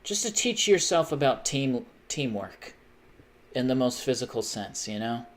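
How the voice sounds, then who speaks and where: This gamer streaming live has a medium-pitched, sing-song voice and takes his time. Between plays he makes self-mocking, rambling remarks and repeats silly noises like a chant.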